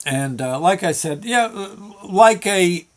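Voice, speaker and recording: A man hosting his own show, telling a long work story in a halting, folksy way with many fillers and restarts. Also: high-pitched, animated. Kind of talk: rambling spoken storytelling.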